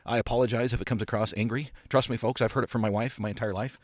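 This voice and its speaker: A man's voice: mid-range voice, steady tone, fast talker, no room sound. A man hosting a casual podcast monologue, passionate and emphatic, with frequent fillers and repeated words, recorded on a studio microphone in a parked car. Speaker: podcast host and appraiser coach.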